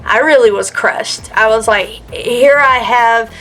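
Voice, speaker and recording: A woman's voice: a little high, measured pace, pushed and bright, soft background music. A woman in her mid-thirties telling her own story in a chatty, earnest way, with many fillers and restarts. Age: 30s. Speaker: vlogger. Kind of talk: casual personal storytelling.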